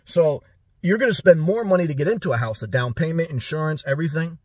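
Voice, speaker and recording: Husky man, raised pitch, preachy vlogger advice, rhetorical questions, repeats himself, dry close sound. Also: fast, darkish tone, no room sound. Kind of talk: direct-to-camera advice monologue.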